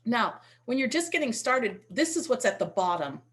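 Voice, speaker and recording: A woman's voice: a little high, big pitch swings, normal speed, fairly bright tone. Chatty woman teaching on a call. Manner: chatty, repeats words when restarting; demonstrates with call scripts. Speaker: real estate investing teacher. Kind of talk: online webinar teaching.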